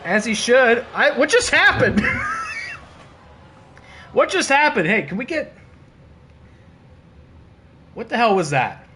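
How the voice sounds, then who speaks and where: A man streaming and commentating a wrestling video game, excitable and laughing, with casual swearing and playful trash talk. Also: very high voice, measured pace, long pauses, slight background noise. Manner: excitable, laughing, bursts of disbelief.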